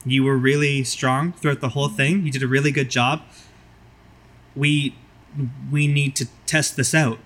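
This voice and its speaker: A man voicing a gentle, reassuring woman scientist ghost in a tabletop game. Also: mid-range voice, steady tone, normal speed, close to an everyday voice. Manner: soft, reassuring.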